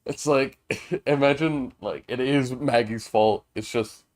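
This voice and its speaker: A man's voice: medium pitch, takes it slowly, no room sound. A man streaming a video game, commenting casually and rambling with lots of filler words.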